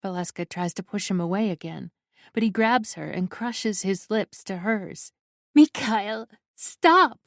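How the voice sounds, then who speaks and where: A woman narrator voicing a defiant young woman who speaks softly and reassuringly to a friend. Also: medium pitch, normal speed, creaky, no room sound, studio quality, natural voice. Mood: frightened. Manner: soft and reassuring, then frightened and forceful.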